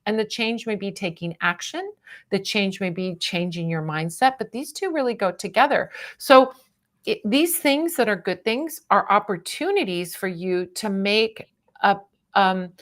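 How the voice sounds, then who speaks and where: A middle-aged woman giving a casual tarot reading on a livestream, chatty and animated, often adding "right?" and laughing. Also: mid-range voice. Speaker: tarot reader.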